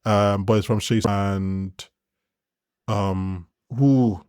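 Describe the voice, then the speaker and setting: Podcast co-host, man, low voice, rambling casual delivery, dry close mic. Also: steady tone, very slow, darkish tone, smooth, dry recording. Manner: rambling, restarts sentences often, laughs easily. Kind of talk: casual chat.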